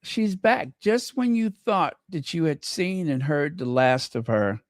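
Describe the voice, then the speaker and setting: Man, channel host, casual commentary, unhurried, thinks aloud. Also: fairly high pitch, big pitch swings, dry recording. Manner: chatty, thinks aloud, reads out viewer comments.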